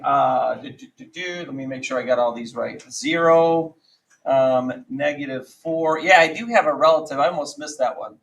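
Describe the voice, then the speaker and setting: A middle-aged man teaching a high school math class, casual and self-correcting, often asking the class questions. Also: normal speed, creaky, fairly bright tone. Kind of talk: classroom lecture.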